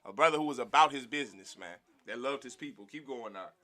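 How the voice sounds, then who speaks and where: A man teaching a Bible class in a lively preaching manner, calling for response from the room and mimicking other people's voices. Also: medium pitch, quick pace.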